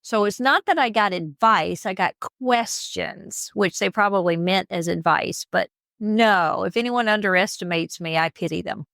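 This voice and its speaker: A woman with a Southern US accent, co-hosting a podcast in casual, animated chat. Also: medium pitch, normal speed, vocal fry, no echo, clean studio sound. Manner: chatty, animated storyteller with emphatic asides. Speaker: podcast co-host.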